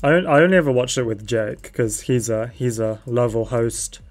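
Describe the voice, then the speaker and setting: A man's voice: mid-range voice, normal speed. A man streaming a game, chatting playfully and giggling, with sudden yelps when things go wrong. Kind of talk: casual gaming chat.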